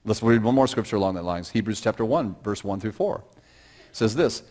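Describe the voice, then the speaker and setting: A middle-aged male pastor preaching a sermon, talking plainly and then swelling into loud, drawn-out emphasis on scripture verses. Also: lowish voice, lively intonation. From Pacific Northwest of the United States.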